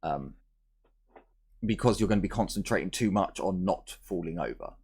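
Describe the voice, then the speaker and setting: A man's voice: deep voice, lively intonation, moderate pace, a little mellow, slightly rough. A man game master explaining rules and narrating a tabletop game in a chatty, joking way.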